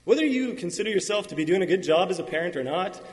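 A male pastor preaching a sermon in an earnest, halting way, with restarts and fillers. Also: sits high, expressive. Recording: long hall reverb.

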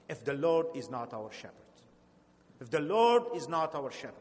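Earnest high-voiced preacher in a hall. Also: male voice, very animated, a little mellow. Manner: earnest, slow and emphatic, with halting restarts. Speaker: pastor. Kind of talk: sermon. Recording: long hall reverb.

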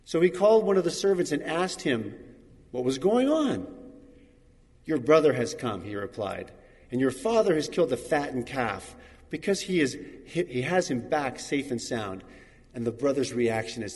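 A man's voice: medium pitch, sing-song, moderate pace, darkish tone, in a large hall. A man preaching a sermon, reading scripture aloud and acting out the voices he quotes. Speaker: pastor.

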